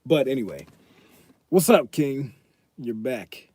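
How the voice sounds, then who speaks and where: Husky, mellow-voiced young man streaming. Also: medium pitch, expressive, slow pace, no room sound. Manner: loose and joking, reads chat aloud, swears casually. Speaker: fitness streamer. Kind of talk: casual live-stream chat.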